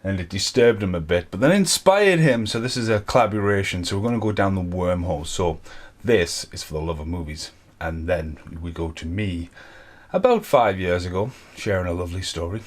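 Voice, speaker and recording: A man's voice: low-pitched, lively intonation, a little fast. A man giving a chatty, upbeat introduction to a collaboration video. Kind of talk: casual intro to camera.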